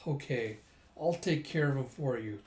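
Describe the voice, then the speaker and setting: A man's voice: medium pitch, normal speed, darkish tone, natural voice. A man voicing a cheerful, easygoing older man with a hearty manner, close to his own voice. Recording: roomy echo.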